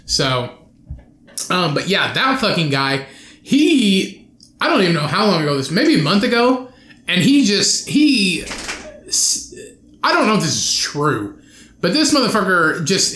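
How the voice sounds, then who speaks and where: High and sharp, a young man's voice rings through an echoey room as he hosts a solo podcast from his home studio. He rambles, swears, and breaks off mid-sentence.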